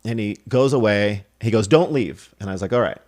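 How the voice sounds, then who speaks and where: A man's voice: on the low side, brisk. A man guesting on a podcast, telling stories casually, acting out quoted dialogue and laughing as he goes. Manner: animated, acts out quoted dialogue; laughs through his stories. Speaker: podcast guest, film director and assistant director. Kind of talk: casual storytelling.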